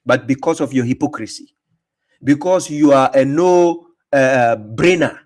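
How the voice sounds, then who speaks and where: A man hosting a reaction commentary, talking in a mocking, emphatic way, laughing often and repeating words. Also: fairly high pitch. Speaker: host reacting to a video.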